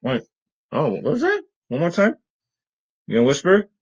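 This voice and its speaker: A man's voice: a little high, huge pitch swings, normal speed, breathy edge, dull audio. A young adult man hosting a fantasy sports picks video, chatting casually and joking with his cat. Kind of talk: casual chat.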